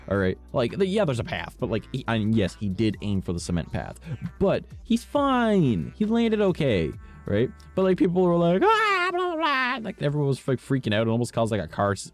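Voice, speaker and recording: A man's voice: mid-range voice, a little mellow. A young man streaming, telling long rambling stories in casual chat, swearing often and tacking "right?" onto his sentences. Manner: rambling storyteller, lots of "right?" and "all right?"; swears freely and laughs at his own stories. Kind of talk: casual chat while gaming. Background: faint game music.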